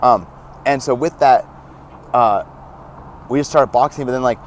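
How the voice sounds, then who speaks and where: A young man telling stories as a podcast guest, animated and laughing often, acting out what others said. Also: mid-range voice, normal speed, a little hiss or hum. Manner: animated, laughs often, acts out quoted dialogue. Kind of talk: casual storytelling.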